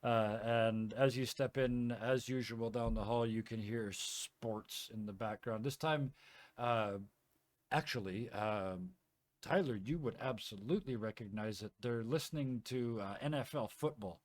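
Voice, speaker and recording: A man running a tabletop game as game master, rambling through scene-setting with fillers and easy laughs. His pitch sits mid-range and the sound is dry and close, with no room around it. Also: unhurried, no echo. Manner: chatty, laughs often, lots of fillers.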